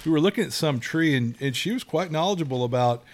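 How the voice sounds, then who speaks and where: A man's voice: on the high side, expressive, quick pace. A middle-aged man co-hosting a casual podcast, telling rambling stories and acting out the quoted dialogue. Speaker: podcast co-host.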